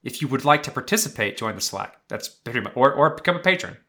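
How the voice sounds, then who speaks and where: A man's voice: mid-range voice, expressive, quick pace, gravelly, pushed and bright. A man co-hosting a podcast in casual chat, blunt and sarcastic, swearing freely. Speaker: podcast co-host.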